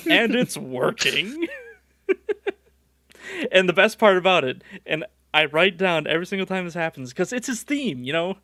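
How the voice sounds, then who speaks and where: A male podcast host with a fairly high voice that laughs often as he recaps scenes in casual chat. The sound is dry and close, with no room around it. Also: sing-song, a little slow, long pauses, pushed and bright, dry recording.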